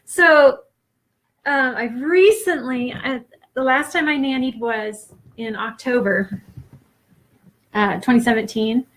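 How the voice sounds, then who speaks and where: A woman in her forties talking off the cuff to a camera, halting and earnest, close to tears, with many fillers and restarts. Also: a little high, fairly bright tone. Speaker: vlogger. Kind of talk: unscripted personal talk to camera.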